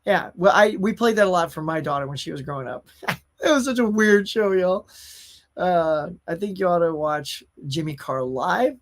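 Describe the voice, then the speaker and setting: A man in his thirties or forties hosts a live stream in a loose, chatty way, talking straight to his viewers and calling them y'all. His voice sits a little above the usual male pitch. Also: expressive, moderate pace. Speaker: host. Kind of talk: casual live-stream chat, reading viewer comments.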